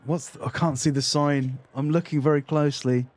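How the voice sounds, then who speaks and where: A man's voice: on the high side, fairly even intonation, a little fast, a little mellow. A British man hosting a reaction video, giving casual commentary with wry, sarcastic asides. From Britain.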